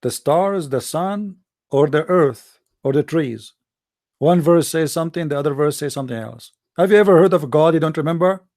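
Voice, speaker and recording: Man, debate host, sarcastic and combative, fairly high voice, dry close sound. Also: normal speed, a little mellow, no room sound. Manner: mocking, argumentative storytelling. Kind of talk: live-stream monologue.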